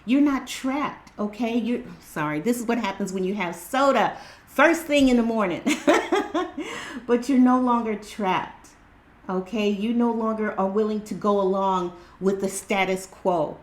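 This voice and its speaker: A woman giving an excited spiritual tarot reading to her viewers, repeating herself in a preachy way. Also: medium pitch. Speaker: tarot reader.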